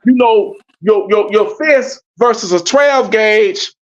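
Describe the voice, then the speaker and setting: A man with a notably high voice, speaking as a podcast guest in blunt, emphatic, profanity-laced bursts. His audio comes through dull and lo-fi. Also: slow pace. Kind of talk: casual podcast conversation.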